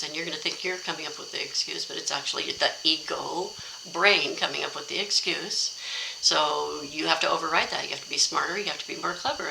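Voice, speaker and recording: A woman's voice: deep voice, gravelly, background noise. A middle-aged woman teaching a self-help course in a casual, candid and encouraging way. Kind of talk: casual instructional talk.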